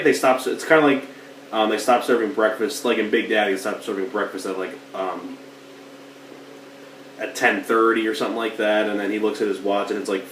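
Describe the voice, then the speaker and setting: A man talks through a film review in a loose, rambling way, full of filler words, with the odd cough from allergies. His voice sits on the low side. The mic is set well back in a roomy space, with a faint hiss underneath. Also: a bit bright, recorded from a distance. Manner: rambling, lots of "like" and "you know". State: getting over allergies, coughing. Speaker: movie reviewer.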